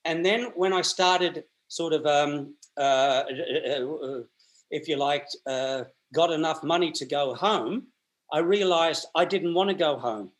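This is a man in his sixties, speaking as a guest in an interview. His voice sits a little high for a man. He talks in a loose, colloquial storytelling way, with frequent restarts and repeated words. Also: a little slow. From Australia.

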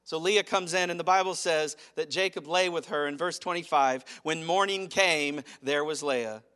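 A man preaching a sermon as pastor, animated, acting out quotes and chuckling as he speaks. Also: a little high, moderate pace.

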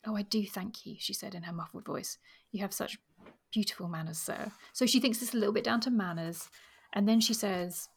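A woman's voice: mid-range voice, fairly quick, gravelly, few pauses, husky. A woman reading passages from a novel aloud with expression, sometimes dropping almost to a whisper, and talking about the book.

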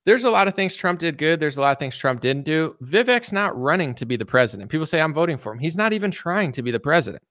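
A man's voice: fairly high pitch, big pitch swings, fast, few pauses, fairly bright tone, dry recording, clean studio sound. A man giving casual political commentary in a blunt, mocking way, rambling with restarts.

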